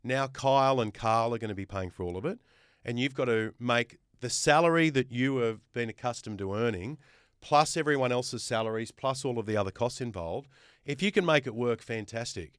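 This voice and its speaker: A man with an Australian accent talks in a casual podcast chat. He makes his case with firm emphasis and stacks up lists of examples. His voice is smooth and resonant, and the recording is close and dry. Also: medium pitch, moderate pace, no room sound. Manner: emphatic, builds points with lists. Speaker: guest host.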